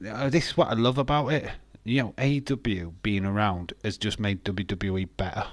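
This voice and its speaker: This livestream watch-along host is a man from Yorkshire, England, with a fairly low, steady voice at normal speed and no echo. His casual live reaction chat is full of opinions and frequent laughter, and he jumps from topic to topic.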